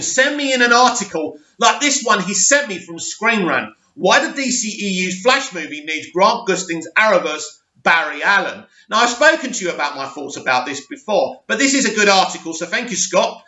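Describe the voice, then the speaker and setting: A young man hosting a channel, reading news articles aloud with opinionated asides and a slightly hoarse voice. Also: high-pitched, bright, forceful tone. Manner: reads aloud, stumbles on names, adds opinionated asides. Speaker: host. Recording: roomy, slightly dull sound.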